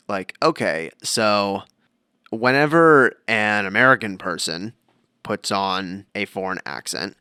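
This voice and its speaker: A man's voice: lowish voice, bright, forceful tone, smooth, no echo, studio quality. A man co-hosting a podcast, chatting casually and wandering off into tangents as he tells stories. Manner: rambling, tangent-prone storytelling. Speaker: podcast co-host. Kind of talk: casual chat.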